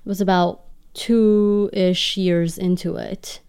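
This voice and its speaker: A woman's voice: lowish voice, fairly even intonation, slow pace, darkish tone, clear, resonant tone. Earnest woman recounting a hard time. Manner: earnest and emotional. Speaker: interview guest. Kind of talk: personal storytelling.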